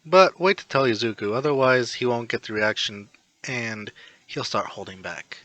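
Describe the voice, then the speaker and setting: A man voicing a cheerful male fighter friend with a breezy, loud delivery. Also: medium pitch, normal speed, no echo, close to an everyday voice. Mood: casual.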